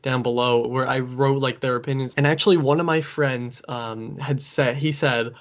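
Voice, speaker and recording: A man hosting a casual podcast, voice at an ordinary middle pitch. He speaks in a relaxed, easygoing way, leaning on fillers as he steers the talk. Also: normal speed. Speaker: host.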